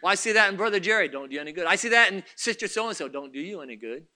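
A man delivers a sermon in a strikingly high voice with a sharp, bright edge. He swings between hushed, murmured stretches and fervent shouted bursts. He drives points home by repeating short phrases again and again. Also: animated, rapid-fire. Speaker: preacher.

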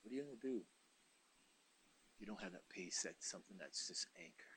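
A man preaching a sermon, dropping to hushed murmurs and then rising to excited shouts, repeating phrases for emphasis. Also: low voice, a little fast, a little hiss or hum.

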